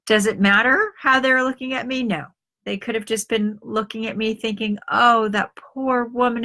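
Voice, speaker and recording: A woman's voice: on the high side, sharp tone. Middle-aged woman, confiding life coach. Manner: confiding storyteller who acts out quoted voices. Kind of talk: live video talk to an online group.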